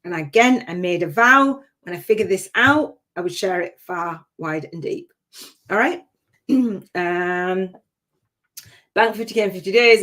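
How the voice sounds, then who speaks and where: A woman running a long live-stream masterclass as a spiritual business coach, talking in an energetic, chatty, rambling and emphatic way. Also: fairly low pitch.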